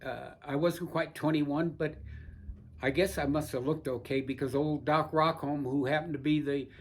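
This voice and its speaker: Older man, oral history interviewee, slightly high pitch, folksy rambling storyteller. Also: fairly even intonation, moderate pace, a little hiss or hum. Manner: rambling, folksy anecdotes with frequent restarts. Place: seated indoors in a barber chair.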